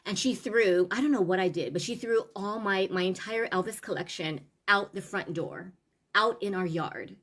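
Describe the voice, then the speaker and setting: A woman's voice: medium pitch, moderate pace, a bit bright. A middle-aged woman on a live stream, coaching parents in an earnest, emotional, confiding way, with many fillers and restarts. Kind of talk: live-streamed heartfelt talk. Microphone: live stream from home camera.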